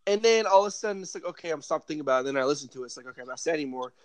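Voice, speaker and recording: Rambling, swearing man, slightly high voice. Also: animated, rapid-fire, dry recording. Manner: rambling, swears freely, emotional. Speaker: podcast co-host. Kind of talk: casual podcast chat.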